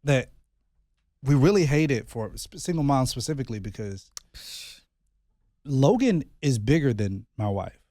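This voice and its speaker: A man co-hosting a casual podcast, telling a family story in an animated way and often repeating his words as he thinks. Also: medium pitch, measured pace, pauses often, dry recording, clean studio sound. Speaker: podcast co-host and father.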